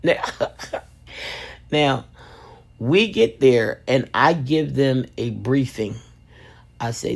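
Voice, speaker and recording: A woman resin craft vlogger telling a funny family story and giving supply tips in a lively, chatty way, calling viewers "baby". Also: rumbling low, drawn-out words, gravelly, long pauses.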